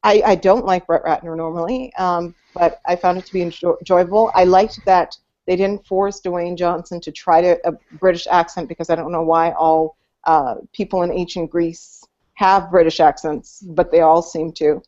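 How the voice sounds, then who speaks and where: A woman's voice: fairly low pitch, fairly even intonation, normal speed, a little mellow. A woman co-hosting a casual movie podcast, rambling with many fillers and restarts over a video call. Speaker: podcast co-host. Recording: dull lo-fi audio.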